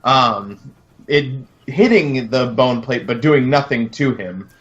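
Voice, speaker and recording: A man's voice: mid-range voice, lively intonation, takes it slowly, fairly bright tone. A man playing in a tabletop role-playing game, describing his character's moves hesitantly with many fillers. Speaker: player. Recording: dull lo-fi sound.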